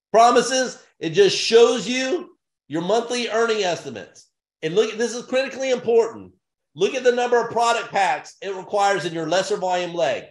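A man giving an energetic business opportunity pitch in punchy, repetitive short phrases with bursts of excitement. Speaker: sales presenter. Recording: roomy echo.

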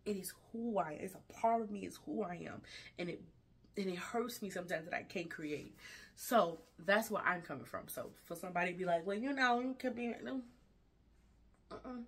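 Husky and on the low side, this woman's voice moves fairly quickly. A fashion vlogger and designer, she shares an emotional, frank and earnest life update with viewers from indoors at night, often restarting as she talks.

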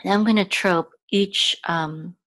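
Patient female teacher, slow delivery, moves between soft explanation and chanted words, dry close sound. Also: lowish voice, fairly even intonation, no room sound. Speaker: Hebrew teacher. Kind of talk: chanting lesson with spoken explanations.

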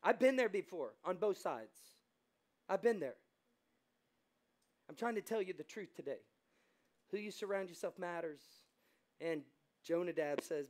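A male pastor with an American accent preaches a sermon, swinging between quiet asides and loud, fervent exclamations while acting out quoted voices. His voice is on the high side and expressive, his pace moderate, with frequent pauses.

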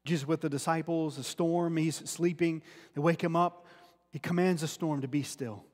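A man's voice: a little high, fairly even intonation, normal speed. A man preaching a sermon, earnest and often restarting words as he teaches from scripture. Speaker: pastor. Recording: long hall reverb.

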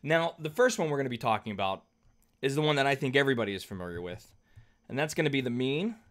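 A man's voice: mid-range voice, animated, quick pace. A man teaching a math lesson at a whiteboard, conversational and patient, often checking in with the class. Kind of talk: whiteboard lecture.

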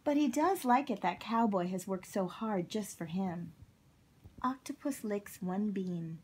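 A mother reading a children's picture book aloud at an unhurried pace. Her voice has a husky, breathy edge and sits at an ordinary middle pitch. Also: animated. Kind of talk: storybook read-aloud.

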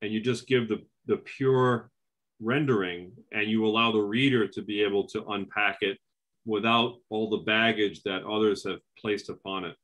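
A man's voice: lowish voice, fairly even intonation, normal speed, fairly bright tone. A man hosting an interview, responding with frequent agreement and brief remarks. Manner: affirming, frequent short agreements. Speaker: interview host. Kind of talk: conversational interview.

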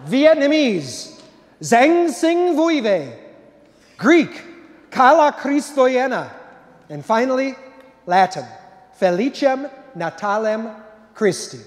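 High-voiced man giving church announcements. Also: sing-song, slow pace, pauses often. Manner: jovial, warm-hearted delivery with playful asides. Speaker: pastor. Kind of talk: closing remarks and blessing at Mass. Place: large church. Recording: reverberant church hall.

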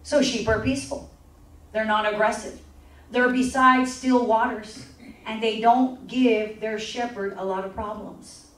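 A woman's voice: on the high side, fairly even intonation, unhurried. A woman pastor teaching a sermon in a church, repeating scripture lines and drawing replies from the congregation. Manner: call-and-response preaching, repeats scripture lines. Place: church sanctuary. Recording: echoey church hall from far off.

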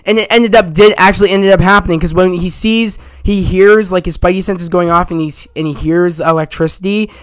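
A man giving a casual, excited spoiler review of a movie, retelling scenes in a rambling way with many restarts. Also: high-pitched, fairly quick, hardly any pauses, clear, resonant tone, no room sound.

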